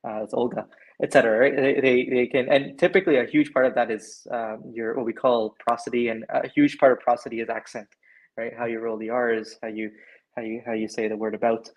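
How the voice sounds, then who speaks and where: Speaking briskly with little pitch movement, a Canadian panelist with a mid-range voice explains things at length in an online discussion, dropping "right?" again and again. His video-call recording is low quality.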